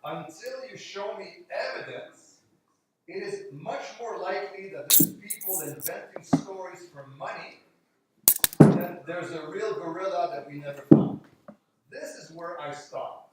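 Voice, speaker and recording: A man's voice: high voice, unhurried, very noisy. A man in casual conversation, talking in an emphatic, skeptical way and acting out what other people say. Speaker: conversation partner. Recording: very echoey room, voice from far off the mic.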